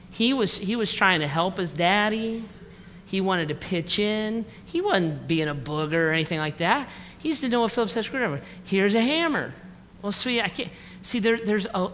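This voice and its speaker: Male pastor, bright lively storyteller, long hall echo, faint noise behind; comic sermon that slows for the point. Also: sits high. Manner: animated storyteller, acts out family dialogue, then slows for the lesson. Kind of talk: sermon with a humorous personal story.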